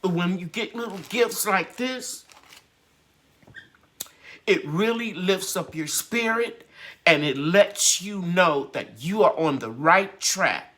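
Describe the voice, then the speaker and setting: A woman with a voice on the low side and a bit bright hosts a gardening channel's live stream chat. She speaks in a heartfelt, grateful and encouraging way.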